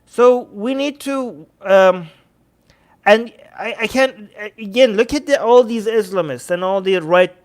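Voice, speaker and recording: A man's voice: sits high, measured pace. A man hosting a livestream, talking casually and reading out chat messages, with frequent restarts. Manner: animated, restarts often, reads chat aloud. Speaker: livestream host.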